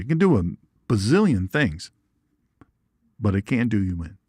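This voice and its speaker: A man's voice: lowish voice, breathy edge, no room sound, studio quality. A man hosting an informal Bible teaching show, folksy and chatty, with jokes and asides. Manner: folksy and animated, asides and jokes, reads viewer comments.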